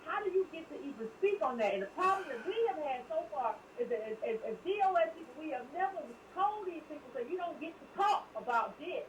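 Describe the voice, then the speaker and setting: A woman's voice: high-pitched, lively intonation, fast, few pauses, echoey room, far from the mic, slight background noise, low-quality recording. An emphatic woman from the American South with a Southern accent, repeating words as she builds her point in a heated discussion.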